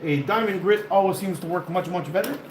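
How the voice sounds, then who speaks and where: A man's voice: high-pitched, brisk, roomy sound, heavy background noise. A man talking casually and bluntly while he crafts in his workshop, swearing now and then. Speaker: slingshot maker.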